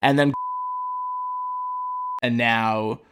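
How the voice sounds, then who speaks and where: A man's voice: mid-range voice, fairly even intonation, drawn-out words, heavy background noise. A man co-hosting a podcast, chatting casually about a TV show and acting out the characters' lines with laughs. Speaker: podcast co-host. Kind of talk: casual chat recapping a TV show.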